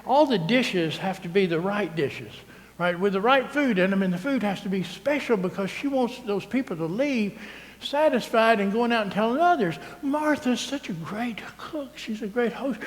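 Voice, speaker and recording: A man's voice: sits high, animated, normal speed. A male priest, preaching a sermon in a chatty, teasing way and often asking "right?". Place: church sanctuary. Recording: long church reverb.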